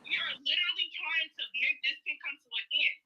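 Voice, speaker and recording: A woman's voice: high-pitched, fairly quick, sharp tone. A woman calling in to a talk show, heated and insistent, heard through a phone. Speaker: caller. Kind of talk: phone call-in. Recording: dull phone line.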